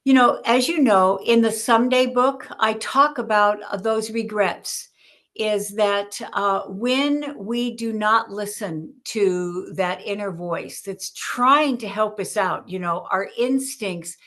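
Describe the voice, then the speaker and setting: A woman author, a guest on a podcast, telling stories in an animated way and acting out the voices in her stories. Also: medium pitch, slow. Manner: animated storyteller, acts out quotes. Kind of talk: podcast interview storytelling.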